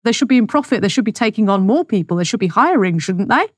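A woman's voice: mid-range voice, animated, quick pace, no echo. Lady podcaster ranting, sarcastic, keeps repeating herself for effect, dry close mic. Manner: scornful, sarcastic, emphatic repetition. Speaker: podcast host. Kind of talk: opinionated monologue.

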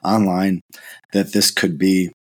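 A man's voice: low-pitched, flat delivery, slow, no echo. A man with a sick-sounding voice, talking in a casual, hesitant monologue as a commentator, with many restarts and fillers. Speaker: political commentator.

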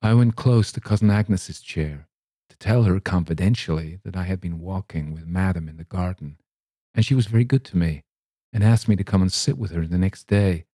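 A man reads a classic story aloud in a measured, gentle way. His voice is low and dark, and the sound is close and dry. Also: dry recording. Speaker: reader. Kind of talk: storybook reading.

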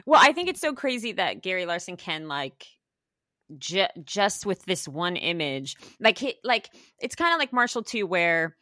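Bright, chatty woman host. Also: on the low side, big pitch swings, moderate pace, no echo, studio quality. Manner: chatty, giggly, full of "like" fillers. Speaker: podcast host. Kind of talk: casual conversation.

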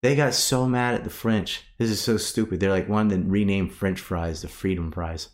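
Deep-voiced man, animated and profane. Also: normal speed. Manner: animated, profane, rising to outraged bursts. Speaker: podcast guest. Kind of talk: casual conversation.

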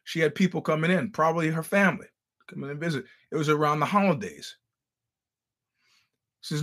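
A man's voice: a little high, brisk, pauses often, fairly bright tone. A man hosting a podcast, telling stories in a casual monologue, wry and blunt, acting out the quoted dialogue and often stammering over restarts. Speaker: podcast host.

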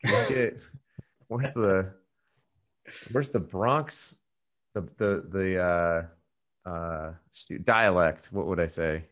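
A man's voice: low-pitched, takes it slowly, long pauses, a bit bright. A man hosting a podcast in casual chat, rambling with lots of fillers and restarts. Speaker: podcast host.

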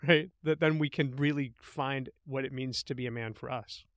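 A middle-aged man, a writer, talking as an interview guest, telling stories in an animated, thoughtful way. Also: medium pitch, normal speed, no room sound, clean studio sound. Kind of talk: conversational interview.

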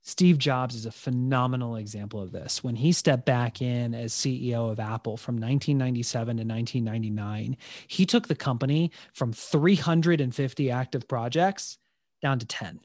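Earnest, animated man telling a story. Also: medium pitch, moderate pace, no room sound, clean studio sound. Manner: earnest, animated, acts out quotes. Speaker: podcast guest. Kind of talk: conversational storytelling.

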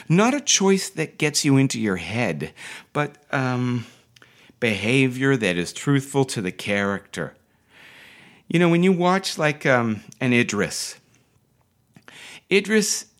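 A man teaching acting on a podcast, talking casually and enthusiastically, with restarts and digressions. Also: mid-range voice. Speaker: acting coach.

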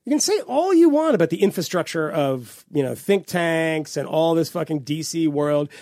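Talk-show man, gravelly and slightly high, dry close sound; rambling, swearing co-host. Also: moderate pace, dry recording. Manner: animated, swearing, rambling with restarts. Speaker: podcast co-host. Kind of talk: casual political chat.

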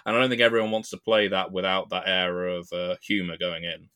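A man's voice: sits low, flat delivery, fairly quick, pushed and bright, no echo. A man co-hosting a podcast, telling stories in a chatty, wry way and laughing often. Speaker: podcast co-host and game designer. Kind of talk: casual podcast chat.

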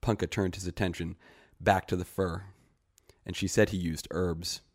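A man narrating a short story in a steady, measured read. His voice is very low. The recording is dry and close, with no room sound. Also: no echo. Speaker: story reader. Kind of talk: scripted narration.

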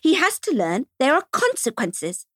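A woman's voice: high-pitched, huge pitch swings, normal speed, fairly bright tone, dry recording, clean studio sound, voice pushed up, exaggerated voice. A woman doing a harsh, scolding sister-wife. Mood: cold.

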